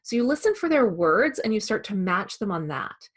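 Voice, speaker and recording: A woman who trains salespeople, giving a calm, measured instructional talk. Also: mid-range voice, husky. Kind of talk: instructional presentation.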